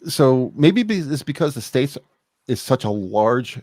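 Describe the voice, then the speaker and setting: A man rambles through a casual podcast chat in a blunt, loose way and swears freely. His voice sits at a middle pitch for a man. The recording is dry and close to the mic. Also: sing-song, unhurried, darkish tone, no room sound. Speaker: podcast co-host.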